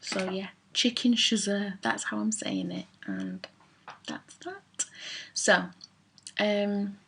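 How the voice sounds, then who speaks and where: Chatty woman with a gravelly voice. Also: medium pitch, big pitch swings, slow, noisy background. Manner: chatty, rambling, self-mocking. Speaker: vlogger. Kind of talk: casual chat to camera.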